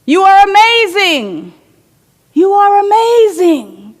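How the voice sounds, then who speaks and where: A woman voicing a loving parent who speaks gently and encouragingly to a child. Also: high voice, animated, slow, big-room sound, heavily acted.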